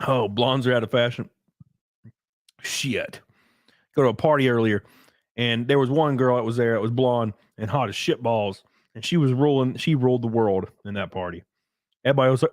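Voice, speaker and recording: A man's voice: mid-range voice, lively intonation, moderate pace, long pauses, no echo, clean studio sound. A man hosting a casual solo livestream, rambling and crude, often laughing as he reads out chat comments. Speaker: livestream host.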